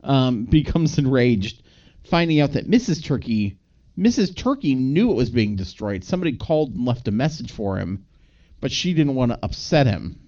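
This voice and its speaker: A man's voice: mid-range voice, sing-song, normal speed, darkish tone, recorded from a distance, highs cut off. A man co-hosting a podcast, casually rambling through a movie plot recap with fillers and laughs. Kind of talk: casual chat.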